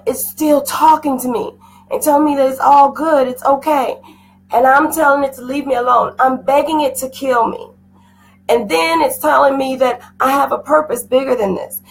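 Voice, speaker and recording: A woman's voice: sits high, a little hiss or hum, poor audio. A middle-aged woman giving an intense, emotional personal testimony, her voice rising at times. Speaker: guest sharing a personal story.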